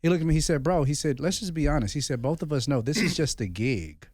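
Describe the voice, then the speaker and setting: A man's voice: on the high side, expressive, quick pace, a little mellow, dry recording, studio quality. A man in his thirties, a podcast host and former pastor, telling personal stories in a candid, earnest way. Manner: earnest, confessional storytelling peppered with "bro". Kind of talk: candid conversation.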